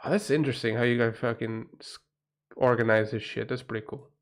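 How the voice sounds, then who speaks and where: This Portuguese-accented man from Portugal has a mid-range voice with fairly even intonation and a brisk pace. Hosting a livestream, he rambles through a loose, foul-mouthed chat punctuated by frequent exclamations.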